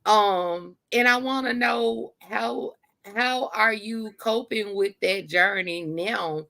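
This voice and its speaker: Slow, gravelly-voiced woman host. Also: medium pitch, bright, forceful tone. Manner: earnest, encouraging, with conversational fillers. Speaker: podcast host. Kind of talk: heartfelt casual chat.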